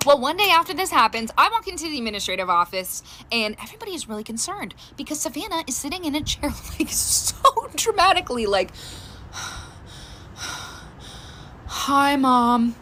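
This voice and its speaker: A woman's voice: sits high, fast talker, slight background noise. A mother telling a casual storytime about her daughter, acting out the voices and laughing as she goes. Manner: animated, laughing, acts out quotes.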